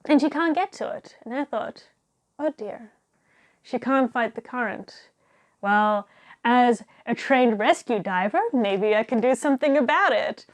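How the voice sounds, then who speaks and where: A young woman telling a diving story in a casual, animated way, laughing often and acting out what people said. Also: on the high side, unhurried. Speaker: diver telling stories.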